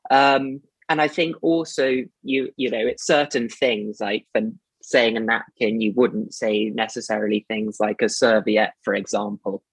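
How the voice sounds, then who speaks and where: Man, posh English accent, measured, hedging, slightly husky, dry. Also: fairly low pitch, flat delivery, dry recording, low-quality recording. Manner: measured, hedging with "sort of" and "as such". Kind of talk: casual chat.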